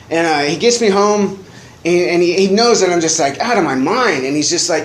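A man's voice: sits high, lively intonation, brisk. A man telling a long personal story in a casual, rambling way, full of fillers and laughs. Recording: roomy echo, faint noise.

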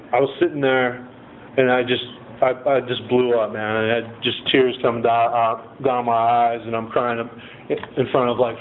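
A man telling his personal recovery story in a casual, rambling way, often adding "man" and "you know". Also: mid-range voice. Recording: tinny phone-like lo-fi audio with faint noise.

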